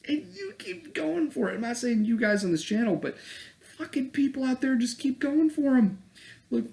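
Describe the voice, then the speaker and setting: A man's voice: high voice, huge pitch swings, normal speed, gravelly, a little mellow. A man from Connecticut in the US giving a heated, profane political rant, full of sarcastic mimicry. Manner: profane, angry, swings into mocking voices. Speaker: political commentator. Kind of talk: heated ranting commentary.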